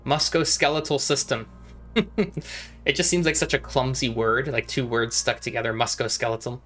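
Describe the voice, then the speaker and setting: A man's voice: medium pitch, steady tone, moderate pace, fairly bright tone. Amused man commenting on a game. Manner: amused, wry, chuckling asides. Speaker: let's play commentator. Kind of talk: casual gameplay commentary. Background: faint game music.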